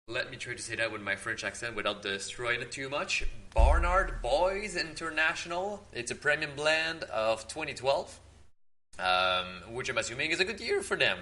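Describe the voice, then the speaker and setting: A man hosting his own vlog, tasting wine at home in his apartment and talking in a relaxed, rambling way with many fillers. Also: mid-range voice, rough recording. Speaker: host of a drink-tasting channel.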